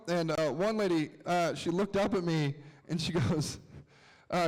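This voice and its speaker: Male stand-up comic, self-mocking and deadpan, voice a touch high, stage mic ringing through a long outdoor reverb. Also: normal speed. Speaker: stand-up comedian. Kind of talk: stand-up set. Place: outdoor city plaza stage.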